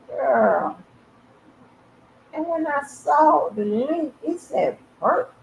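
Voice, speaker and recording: Woman, gravelly voice, casual commentary, chatty and profane, muffled echoey room audio. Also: fairly high pitch, very animated, slow, long pauses, a little hiss or hum. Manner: chatty, addresses viewers directly, swears freely. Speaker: commentary channel host.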